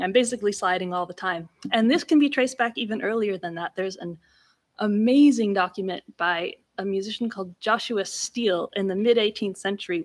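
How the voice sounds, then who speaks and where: A woman giving an academic lecture-recital, talking casually with restarts and breaking into sliding, exaggerated inflections to demonstrate old speech styles. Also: mid-range voice. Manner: demonstrates speech inflections with sung-like slides and exclamations; conversational, with restarts. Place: lecture room.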